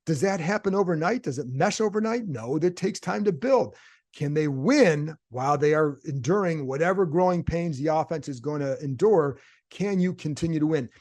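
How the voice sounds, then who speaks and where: This sports reporter runs his own podcast, musing conversationally in solo commentary and replying to his own rhetorical questions. His voice is on the high side and a little mellow, with lively intonation at a moderate pace.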